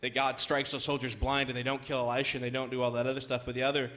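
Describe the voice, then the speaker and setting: Young male youth pastor, mid-pitched, chatty sermon delivery with fillers, building to loud emphatic peaks. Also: level tone, very fast. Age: young adult. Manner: conversational, many fillers, rises to loud emphatic passages. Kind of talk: sermon with storytelling.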